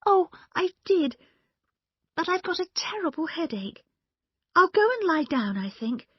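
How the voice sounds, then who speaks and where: A woman voicing a fussy, excitable elderly woman who talks high and gushing in a storybook reading. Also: unhurried, no echo, dull audio, exaggerated voice. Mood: weary.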